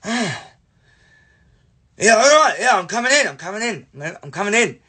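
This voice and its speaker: A man's voice: high voice, sing-song, normal speed, sharp tone, slightly rough, voice pushed up, exaggerated voice. A man voicing his gullible young brother, eager and then whining. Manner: eager, whiny. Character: cheeky gullible young boy, a little brother.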